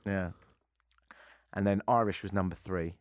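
A man's voice: deep voice, fairly even intonation, a little slow, dry recording. A man hosting a talk radio show, chatting casually in a joking, teasing way into a studio microphone.

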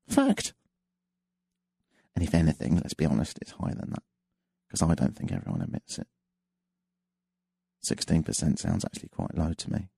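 A man's voice: mid-range voice, vocal fry, darkish tone, husky, no room sound. A man hosting a radio talk show, chatty and self-mocking. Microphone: studio mic. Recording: dry studio sound.

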